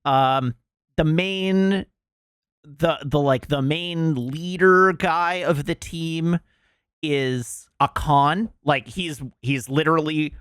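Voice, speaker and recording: A man's voice: fairly high pitch, takes it slowly, a bit bright, clean tone, no echo, clean studio sound. A man streaming, chatting casually and rambling with many fillers as he makes emphatic complaints.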